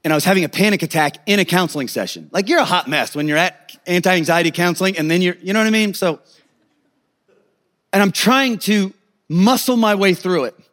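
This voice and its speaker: A man preaching a sermon as a pastor, telling a personal story in an animated, humorous way. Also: high voice, brisk.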